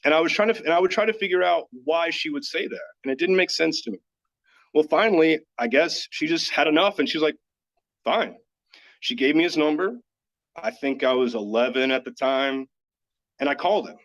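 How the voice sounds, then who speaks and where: A man's voice: a little high, brisk, fairly bright tone. A man from Dallas, Texas, telling a personal story as a podcast guest, earnest and candid, with lots of "like". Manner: earnest, candid, filler-heavy with frequent "like". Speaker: podcast guest, yoga teacher. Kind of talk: personal storytelling in casual chat. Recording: dull lo-fi audio.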